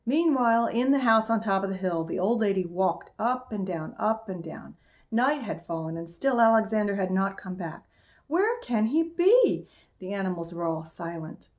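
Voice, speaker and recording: A woman calmly reading a children's book aloud, in an expressive storyteller's voice. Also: mid-range voice, moderate pace. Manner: calm, expressive read-aloud voice.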